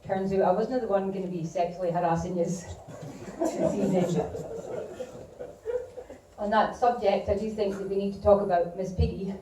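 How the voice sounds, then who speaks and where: A woman's voice: mid-range voice, steady tone, moderate pace, background noise. A woman with an Aberdeen Scottish accent doing improvised stand-up comedy on a club stage, rambling, swearing and poking fun at herself. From Aberdeen, Scotland. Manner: rambling, sweary, self-deprecating. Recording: roomy and distant live club recording.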